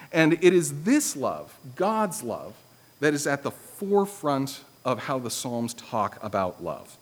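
A man's voice: mid-range voice, in a large hall. A man preaching a sermon to his congregation, teaching in a conversational way with dry, self-deprecating humor.

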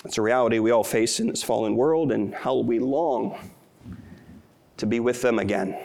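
A man's voice: medium pitch, moderate pace, creaky, darkish tone. A middle-aged man preaching a sermon as pastor, earnest and tender, rising to emotional peaks.

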